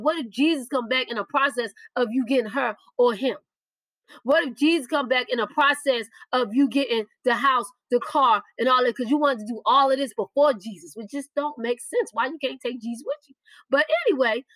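A woman's voice: high voice, fairly bright tone, dry recording, low-quality recording. A woman preaching a podcast sermon, urging listeners with repeated warnings and direct appeals. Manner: urgent, repetitive exhortation, speaks directly to listeners.

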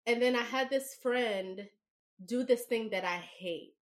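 A young woman with a slightly high voice tells a story on a podcast. She is blunt and swears freely. Her delivery swings between loud outbursts and quiet, muttered asides. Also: unhurried. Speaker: podcast co-host. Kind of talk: casual podcast chat.

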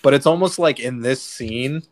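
A man's voice: medium pitch, moderate pace. A man hosting a casual film podcast, talking loosely with lots of fillers and plenty of enthusiasm. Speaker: podcast host. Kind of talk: casual movie discussion.

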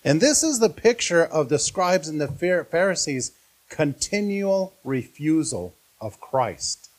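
A man's voice: fairly high pitch, sing-song, a little slow. A man preaching a sermon as pastor, earnest and often putting questions to his listeners.

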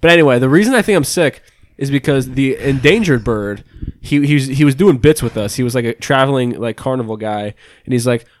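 A man's voice: medium pitch, lively intonation, brisk, no room sound. Sick, swearing podcast guy. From Pennsylvania. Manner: profane, joking storyteller. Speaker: podcast co-host. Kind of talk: casual chat. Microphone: podcast microphone.

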